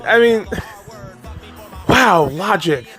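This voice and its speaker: A man's voice: sits high, expressive, extremely slow, a bit bright, soft background music. A man ranting casually about moviegoers and fanboys, exasperated and profane, with frequent laughs and restarts. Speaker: movie commentary vlogger.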